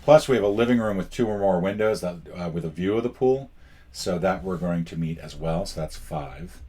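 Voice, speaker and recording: Low husky guy talking thru a solo board game, dry jokes, counting squares out loud. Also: lively intonation, fairly quick. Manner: wry, self-mocking, thinking aloud while counting spaces. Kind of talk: casual playthrough commentary.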